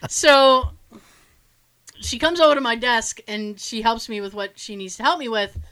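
A woman's voice: a little high, moderate pace, a bit bright. A young adult woman co-hosting a podcast, telling a work story in casual chat with frequent giggles. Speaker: podcast co-host.

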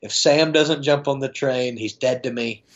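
A man's voice: medium pitch, normal speed. A man chatting casually on a podcast, rambling and laughing often in a playful way. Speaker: podcast guest. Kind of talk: casual chat. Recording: dull lo-fi sound.

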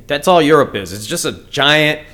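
A man's voice: a little high, animated, normal speed, sharp tone. A young man hosting his own comedy podcast, ranting bluntly and crudely with lots of stumbles and restarts. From United States. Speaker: podcast host. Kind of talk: casual solo comedy rant.

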